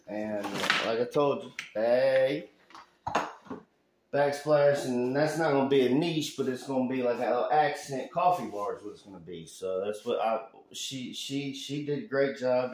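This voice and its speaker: A man from Alabama rambles through a casual work vlog, folksy and loose, now and then breaking into a loud rant. His voice sits at an ordinary middle pitch, and it rings off the bare walls of an echoey room in a house still being renovated. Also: a little hiss or hum. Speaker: handyman vlogger. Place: house under renovation, indoors.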